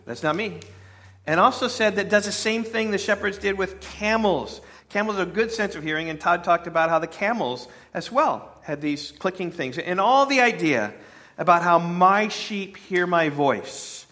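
Pastor, male, bright and fairly high voice, easygoing sermon delivery. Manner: conversational, with fillers and playful asides to the congregation.

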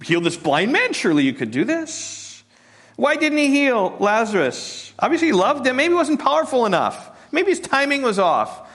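A preacher voicing a scoffing bystander who taunts a healer in a high, sneering tone. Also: male voice, slow, vocal fry, a bit bright, in a large hall, full character voice. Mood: mocking. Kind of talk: sermon.

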